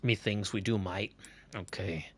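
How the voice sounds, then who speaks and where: A man's voice: lowish voice, steady tone, unhurried, slight background noise. Joking gamer man with a mock Aussie twang. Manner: jokey, tacks a mock Australian "mate" onto every line; stammery restarts. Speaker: game streamer. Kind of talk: casual live-stream commentary.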